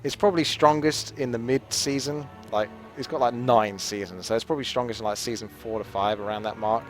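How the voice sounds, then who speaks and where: An English man giving live game commentary in a relaxed, chatty, rambling way. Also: mid-range voice, fairly quick, faint music behind. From England. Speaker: esports commentator.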